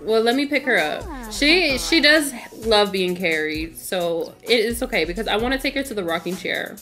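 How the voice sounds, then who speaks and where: A woman's voice: medium pitch, animated, normal speed, pushed and bright, soft background music. A woman streaming a game in casual, chatty commentary, laughing often and talking to her chat.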